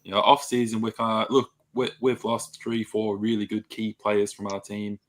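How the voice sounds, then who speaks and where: A man on a footy podcast panel, talking in a measured way with plenty of hedging fillers. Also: on the low side, little pitch movement. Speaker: guest fan panelist. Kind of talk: casual footy chat.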